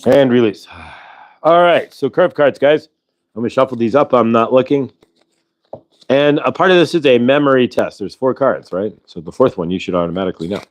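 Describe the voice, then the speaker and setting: At home in Colorado, a man with a medium-pitched, expressive voice hosts a live spiritual channeling show. He talks a little fast, chatting casually with viewers in a rambling way full of fillers and restarts.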